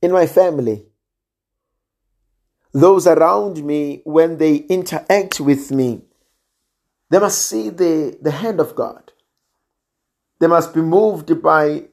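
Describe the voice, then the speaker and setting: Slow, husky male preacher. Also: on the high side. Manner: slow and measured, drops to near-quiet emphasis. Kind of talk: sermon.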